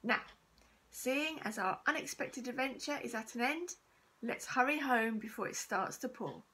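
A woman voicing a cheerful, polite mother who speaks gently and encouragingly. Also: a little high, animated, measured pace, breathy edge, exaggerated voice, low-quality recording.

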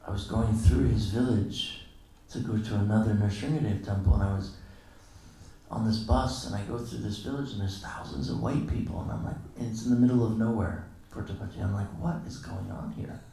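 Male lecturer, low and dark-toned, relaxed storyteller who acts out quotes; very echoey, distant hall recording. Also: a little fast, gravelly. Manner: casual storytelling, acting out quoted dialogue with chuckles. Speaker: guest lecturer at a temple. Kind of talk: anecdotal morning lecture. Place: temple hall.

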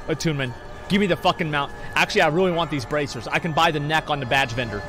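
A man streaming a video game, talking excitedly, swearing, and repeating himself as he plays. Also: fairly high pitch, fast talker, music in the background. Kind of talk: live-stream gaming commentary.

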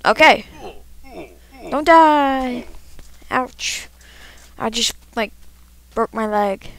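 A woman's voice: fairly high pitch, steady tone, takes it slowly, bright, forceful tone. A woman giving let's play commentary, talking to herself with frequent frustrated outbursts as she plays. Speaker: gamer.

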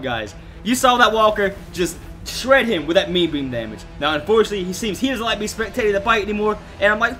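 Bright-voiced, cursing gaming host. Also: male voice, sits high, expressive, fast talker, hardly any pauses, soft background music. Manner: profane, jokey, addresses viewers. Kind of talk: casual gameplay commentary.

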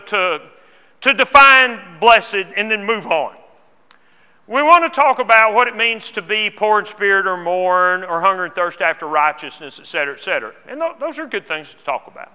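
Bright-voiced preacher man in a reverberant church. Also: high voice. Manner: earnest, repeats words when restarting. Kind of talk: sermon. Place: church auditorium. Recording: long hall reverb.

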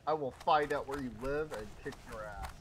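A man's voice: medium pitch, a little fast, noisy background. A man streaming a video game, chatting casually with jokes, swearing and self-mocking asides. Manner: joking, profane, self-mocking.

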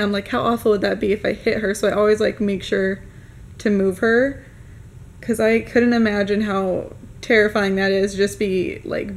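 A young woman narrating a casual family vlog to camera, chatty and candid with quick run-on asides. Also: medium pitch. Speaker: family vlogger.

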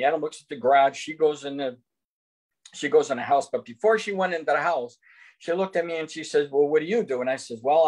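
Older guy on a zoom call telling his testimony, earnest, kinda high voice. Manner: earnest, recounts dialogue in quotes. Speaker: guest giving testimony. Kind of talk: testimony storytelling. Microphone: video call.

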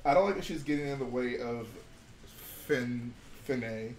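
A man's voice: mid-range voice, moderate pace, a little mellow, far from the mic. A young man hosts a casual livestream and keeps up a playful, goofy running chat. He sits away from the mic in an echoey room. Faint noise hums behind him. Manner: playful, does goofy bits. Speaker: stream host and builder.

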